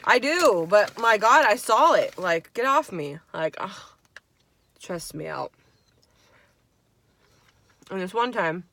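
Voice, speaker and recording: A woman in her twenties telling a story on a vlog, animated and swearing freely, with lots of "like". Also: fairly low pitch, dry recording. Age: 20s. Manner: animated, profane, heavy "like" filler. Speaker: vlogger. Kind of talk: storytime chat.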